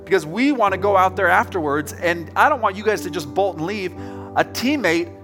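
A man's voice: high-pitched, lively intonation, moderate pace, music in the background. A male pastor giving a conversational sermon to his congregation, telling stories and speaking directly to them. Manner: casual, anecdotal, direct address to congregation. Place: church service.

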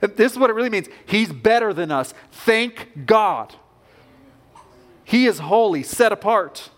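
Man, pastor, sermon, high voice, earnest emphatic preaching. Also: animated, unhurried, fairly bright tone.

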